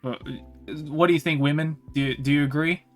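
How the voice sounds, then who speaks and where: A man's voice: on the high side, steady tone, a little fast, faint music behind. A young man with an Australian accent, chatting casually as a stream host, rambling with fillers and restarts. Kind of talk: casual chat.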